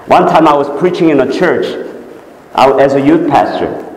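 A male pastor telling a story in a sermon, his voice climbing when excited and sinking soft and low. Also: normal speed. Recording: echoey church hall.

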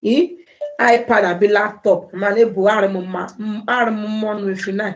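A woman's voice: mid-range voice, fairly even intonation, rapid-fire, lo-fi sound. A Nigerian woman hosting a casual livestream on a phone or laptop mic, repeatedly pleading with and effusively thanking her viewers. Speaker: livestream host.

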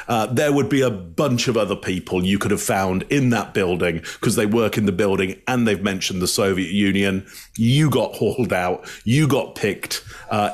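A man in a casual panel discussion, breaking down speech patterns and acting out quoted lines. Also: fairly low pitch. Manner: analytical, acts out quoted lines. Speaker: body language analyst.

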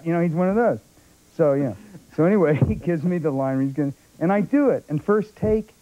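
Speaking briskly in a fairly high voice, an older man who acts in films spins anecdotes as a guest on a talk show. He animates his stories by performing others' voices, and the broadcast tape sounds dull and lo-fi.

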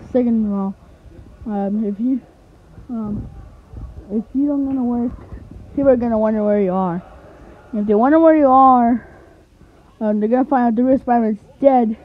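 A woman's voice: fairly high pitch, natural voice. A woman voicing a bossy male superhero who lectures and scolds his dim partner in a fan animation. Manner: exasperated, lecturing. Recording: tinny lo-fi home recording.

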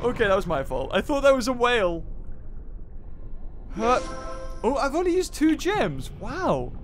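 A woman hosting a let's play, excitable, muttering low then bursting into loud outbursts. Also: unhurried. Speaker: gaming channel host. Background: game music.

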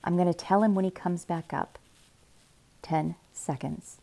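Female reader with a slightly low voice; calm, hushed read-aloud of a teen novel. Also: vocal fry. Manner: quiet, measured first-person narration.

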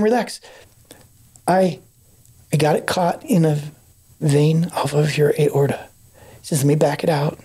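A man's voice: on the high side, mellow, breathy edge. A middle-aged man, a podcast guest, telling a personal testimony and acting out the voices of the people in his story.

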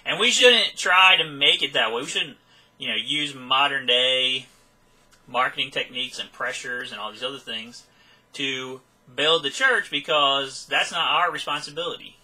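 A man's voice: medium pitch, moderate pace, sharp tone, low-quality recording. A man teaching a Sunday school Bible lesson in a conversational way, often checking in with "okay" and chuckling now and then. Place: church classroom.

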